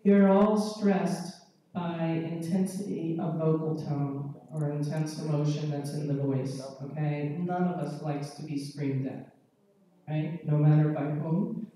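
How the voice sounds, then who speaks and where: A woman pediatrician giving a measured, explanatory conference lecture and often checking in with the audience. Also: deep voice, dark tone. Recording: echoey hall, mic far off.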